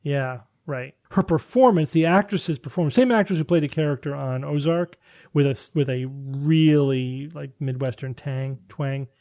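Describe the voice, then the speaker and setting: Mellow, higher-voiced man musing aloud. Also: normal speed. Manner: thinks aloud, frequent restarts and rhetorical questions. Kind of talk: casual panel discussion.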